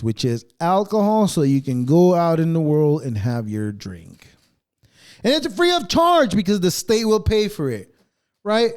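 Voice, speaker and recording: Animated, swearing male podcast host. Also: sits high. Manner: profane, sarcastic, animated ranting. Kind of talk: casual ranting commentary.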